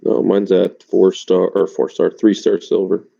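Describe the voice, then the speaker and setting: A man talking over voice chat during a game stream, chatty and quick to laugh. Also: deep voice, flat delivery, creaky, warm tone, breathy edge, lo-fi sound. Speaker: guest on voice chat. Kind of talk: casual chat. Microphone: voice chat mic.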